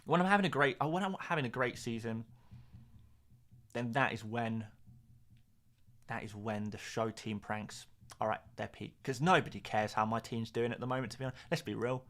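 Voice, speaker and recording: A man's voice: medium pitch, normal speed, a bit bright. A young man hosting a live fantasy football stream, talking casually in a rambling, sarcastic way.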